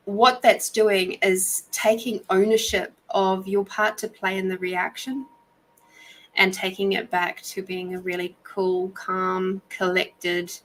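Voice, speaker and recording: A woman's voice: mid-range voice, poor audio. A woman hosting a live intuitive reading session, chatty and giggly as she talks to viewers. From Australia. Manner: chatty, giggly, warm storyteller. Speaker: intuitive reader and podcast host.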